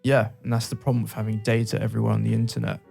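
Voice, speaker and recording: A man's voice: fairly low pitch, flat delivery, racing, creaky, dark tone, faint music behind. A British man from England co-hosting a podcast, telling stories in casual chat with frequent laughter and asides. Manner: laughs often, storytelling with asides. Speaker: podcast co-host.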